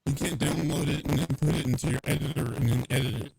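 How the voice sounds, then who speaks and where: A man's voice: a little high, steady tone, fast talker, vocal fry, background noise. A man in casual livestream chat, insisting on his point and arguing back. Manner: insistent, argumentative. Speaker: livestream guest.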